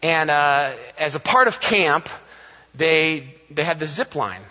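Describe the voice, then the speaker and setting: A pastor in his thirties delivers a sermon with lively storytelling and playful voices for the people in his stories. His voice is high and bright. The recording is muffled and lo-fi, with a long church-hall reverb trailing each phrase. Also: slow. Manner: animated storytelling with playful acted quotes. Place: church sanctuary.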